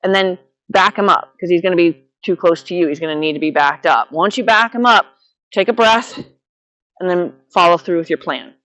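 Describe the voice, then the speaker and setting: A woman horsemanship instructor coaching a student live, giving steady directions and quick repeated praise. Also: lowish voice.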